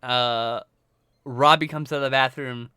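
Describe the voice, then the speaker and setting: A man's voice: mid-range voice, fairly even intonation, a little slow, pushed and bright, smooth, no room sound, clean studio sound. A man hosting a livestream, telling a rambling, profane anecdote in casual chat, full of restarts and swearing. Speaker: livestream host.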